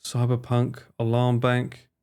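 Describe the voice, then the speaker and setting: A man's voice: mid-range voice, monotone, slow, a little mellow, smooth. A man streaming live, reacting to ads with swearing, laughter and disbelief. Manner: swears a lot, laughs, incredulous.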